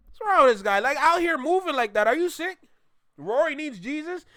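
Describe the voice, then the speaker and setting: Bright-voiced, mock-outraged male reactor. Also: very high voice, fairly quick, no room sound, studio quality. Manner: animated, mock-outraged, joking. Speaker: reaction video host. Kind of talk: casual reaction commentary.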